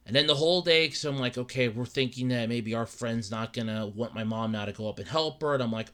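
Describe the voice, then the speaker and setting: Young male podcast host, bright tone, rambling and upset, stumbles and repeats himself. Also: medium pitch, expressive, fairly quick. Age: young adult. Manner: rambling, repeats words, acts out his own thoughts. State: upset and dejected. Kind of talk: casual solo podcast rant.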